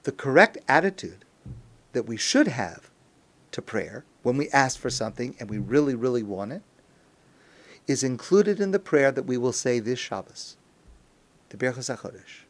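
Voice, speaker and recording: A man speaking as a rabbi in a recorded talk, earnest, reading Hebrew phrases slowly and translating them, rising to an intense pleading tone at times. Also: mid-range voice, sing-song. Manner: earnest, rises to an intense pleading tone when quoting prayer.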